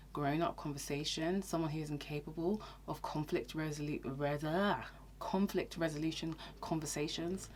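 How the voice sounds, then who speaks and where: A young woman talks frankly to her viewers in a casual vlog, often checking in with "okay?". Her voice is low for a woman. A faint hiss sits under the recording. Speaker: YouTuber.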